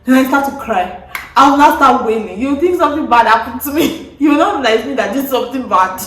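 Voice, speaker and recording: A young woman chats to her viewers in a lively storytelling vlog. Her voice sits fairly high. She jumps into the quotes she acts out. She sounds a little far from the mic in an echoey room. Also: a little fast. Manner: animated, acts out quotes with wailing and laughter. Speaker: vlogger. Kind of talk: casual storytelling to camera.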